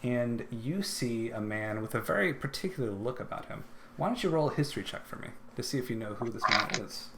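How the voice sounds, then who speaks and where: A man's voice: mid-range voice, lively intonation, fairly quick, heavy background noise. Man narrating as dungeon master. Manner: descriptive, with filler and restarts. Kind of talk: narrating a tabletop game.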